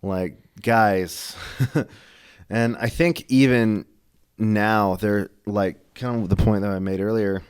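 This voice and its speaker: A young man with a very low voice talks through faith in a casual podcast chat. He speaks slowly, pausing often and restarting his sentences as he thinks aloud. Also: steady tone, smooth. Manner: halting, thoughtful, with many fillers and restarts. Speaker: podcast co-host.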